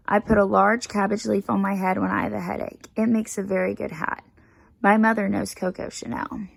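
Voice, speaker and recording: Gravelly-voiced woman reading a children's book. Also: mid-range voice, no echo, poor audio. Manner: lively first-person storytelling, mimicking a child's bossy chatter. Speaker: storybook reader for children. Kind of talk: reading a picture book aloud.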